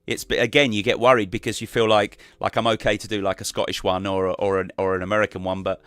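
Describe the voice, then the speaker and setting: A man's voice: fairly low pitch, little pitch movement, quick pace, a bit bright, smooth, dry recording, clean studio sound. A man chatting casually as a guest on a live stream, rambling and restarting his sentences.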